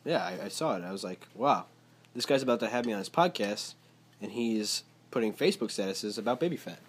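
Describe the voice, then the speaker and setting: A man's voice: on the low side, fast. Rambling young man with faint hiss. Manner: rambling, animated storytelling with plenty of fillers. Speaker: podcast guest. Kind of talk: casual chat.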